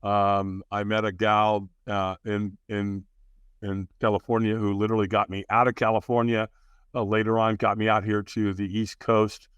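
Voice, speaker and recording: A man's voice: lowish voice, flat delivery, moderate pace, a bit bright, smooth, dry recording, highs cut off. A man in his sixties, a podcast guest, frankly and earnestly recounting his life, with fillers, restarts and acted-out quotes. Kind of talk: candid personal storytelling in an interview.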